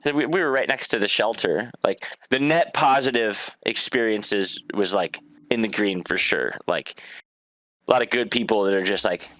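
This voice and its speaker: Animated young man telling stories. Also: mid-range voice, dry recording. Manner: animated, laughs often, swears, acts out voices. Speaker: guest. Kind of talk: casual storytelling.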